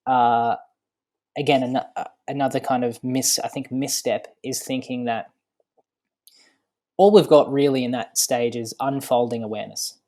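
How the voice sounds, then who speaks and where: A man who is a podcast guest, explaining ideas thoughtfully with many pauses and fillers. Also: mid-range voice, steady tone, darkish tone. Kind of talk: casual podcast conversation.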